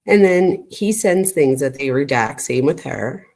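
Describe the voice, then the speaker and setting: Female true crime host, unhurried, casual and incredulous asides to the audience. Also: low voice, expressive, darkish tone. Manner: chatty asides to viewers, incredulous. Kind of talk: casual commentary reading text messages aloud.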